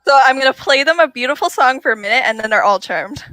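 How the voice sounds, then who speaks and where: Woman playing a bard in a tabletop game, kinda hesitant, polite, bit high, dry sound, faint music. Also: animated, fast talker, pushed and bright, no echo. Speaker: player.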